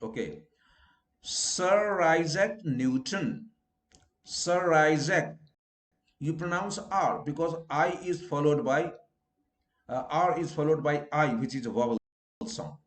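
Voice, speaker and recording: A man from India with an Indian English accent, teaching a recorded pronunciation lesson and drawing out each example word slowly and deliberately. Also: fairly high pitch, roomy sound.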